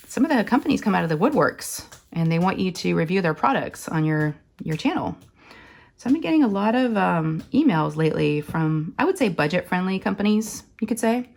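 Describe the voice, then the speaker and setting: A woman hosting a crafting channel, chatting casually while she works, her voice hoarse and scratchy from being sick, rambling along with lots of fillers. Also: on the low side, a little mellow. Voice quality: raspy, scratchy. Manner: rambling and chatty, full of fillers, says y'all. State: hoarse from illness. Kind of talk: casual chat while diamond painting.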